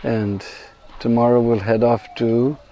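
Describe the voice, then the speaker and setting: A man guiding a pilgrimage, telling a devotional story in an animated way and acting out the quoted voices. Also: mid-range voice, unhurried. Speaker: pilgrimage guide and devotional speaker. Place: at a shrine on pilgrimage.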